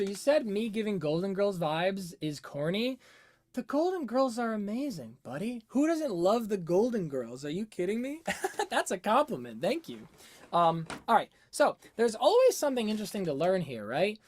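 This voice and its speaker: Guy streaming a song breakdown, super lively up and down voice, chatting back to chat and humming bits. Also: sits high, normal speed. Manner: thinking aloud, reads chat and answers, hums melodies. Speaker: music analysis livestream host. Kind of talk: casual livestream chat and music analysis. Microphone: webcam setup.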